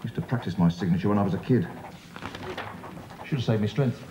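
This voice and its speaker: Man playing a brisk London boss, fast talker, roomy studio. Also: fairly low pitch, highs cut off, natural voice. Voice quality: brisk, commanding. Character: brisk self-made male company boss. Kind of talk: 1980s studio sitcom acting. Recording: roomy studio with background hiss.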